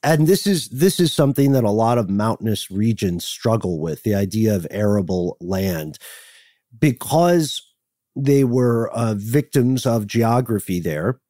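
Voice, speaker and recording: A man's voice: on the low side, unhurried, no echo, clean studio sound. A man co-hosting a podcast who chats casually, jokes around and laughs easily. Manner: jokey, animated, laughs often. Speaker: podcast co-host. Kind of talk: casual chat.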